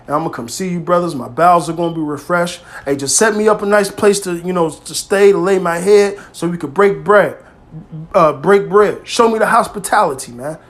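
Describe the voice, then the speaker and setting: A man preaching informally to his brothers, with emphatic, street-style speech that swings between loud exhortation and quiet, low asides. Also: a little fast. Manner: emphatic and streetwise, peppered with "man" and "hey", swearing freely. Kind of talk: informal scripture teaching.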